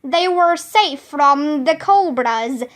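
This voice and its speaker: A woman reading a children's book aloud as narrator, slow, careful and expressive. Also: high voice.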